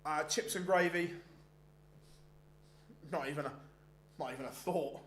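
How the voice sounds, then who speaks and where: A man's voice: fairly high pitch, a little slow, fairly bright tone, slight background noise. A man hosting a darts stream, chatting casually and rambling with frequent restarts between bits of live commentary. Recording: roomy echoey sound.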